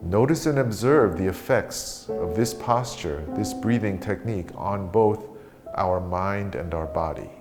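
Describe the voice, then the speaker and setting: A man leading a guided meditation, speaking slowly and calmly as he teaches breathing and a question practice. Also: low voice, music in the background. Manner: slow, calm guiding voice.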